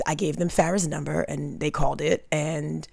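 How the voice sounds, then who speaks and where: Brief: young woman from Long Island, lower voice, comic storyteller, animated and laughing, dry close mic. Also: moderate pace, vocal fry, husky, dry recording. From Long Island, New York. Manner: animated, laughs through her stories. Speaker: comedian guest. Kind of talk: casual podcast storytelling.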